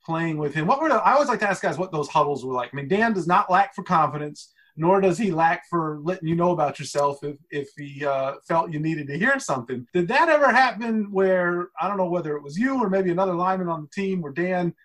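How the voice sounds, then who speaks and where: A man's voice: high voice, animated, fairly quick, hardly any pauses, fairly bright tone. A man hosting a casual interview, asking long rambling questions and laughing easily. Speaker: podcast host.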